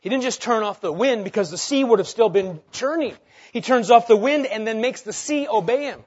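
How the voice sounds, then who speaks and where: A man preaching a sermon, asking rhetorical questions and swinging between loud and hushed delivery. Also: extremely high pitch, animated, brisk, slightly rough, dull audio. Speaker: pastor.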